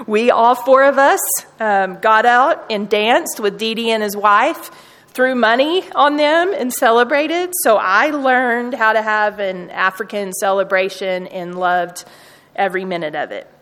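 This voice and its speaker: A woman's voice: on the high side, a little slow, fairly bright tone. A woman speaking earnestly to students, telling personal stories from her university work. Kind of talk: storytelling talk to students. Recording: long hall reverb.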